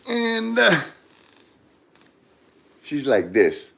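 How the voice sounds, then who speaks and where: Man, comedic storyteller, rambling, self-correcting, unhurried, very animated pitch. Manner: rambling, keeps mixing up names and correcting himself.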